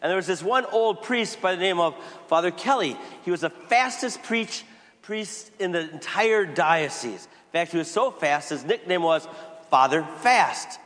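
Priest preaching in a reverberant church. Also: male voice, high-pitched, lively intonation, unhurried, fairly bright tone. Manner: conversational storytelling with acted quotes. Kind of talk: sermon. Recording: long hall reverb.

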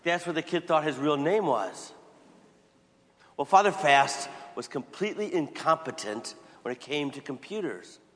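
Priest preaching in a reverberant church. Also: male voice, on the high side. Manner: conversational storytelling with acted quotes. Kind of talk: sermon. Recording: long hall reverb.

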